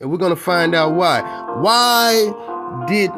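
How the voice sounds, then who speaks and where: A man's voice: high-pitched, slow pace. A man hosting a channel, cutting into a reading with casual, profane call-and-response remarks. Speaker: channel host. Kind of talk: casual commentary over a reading. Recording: piano music playing behind the voice.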